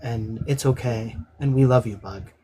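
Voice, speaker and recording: Reassuring man on a live stream, gentle delivery, mid-range voice. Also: medium pitch, moderate pace, slightly rough. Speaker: participant in a live-stream group chat. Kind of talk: supportive live-stream chat.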